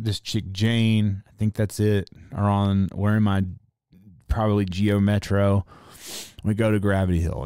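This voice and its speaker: A man tells a story in loose, casual talk, swearing freely and getting worked up. His voice sits a little low and sounds smooth and clear. The sound is dry and close, with no room around it. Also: no room sound. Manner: profane, animated storyteller.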